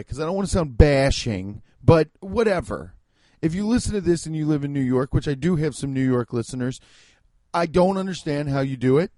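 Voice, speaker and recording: A man's voice: fairly high pitch, dark tone, no echo. A man from the Midwest, a podcast host and stand-up comedian, talking in a casual, rambling, sarcastic monologue full of swearing. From American Midwest.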